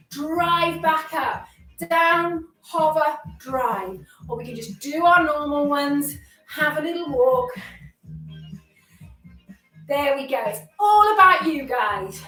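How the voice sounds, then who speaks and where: A woman exercise instructor with a high, fairly bright voice leads a workout class, sounding reverberant and far from the mic on a low-quality recording. Upbeat and encouraging, she's a bit out of breath from moving along and chats with self-deprecating jokes.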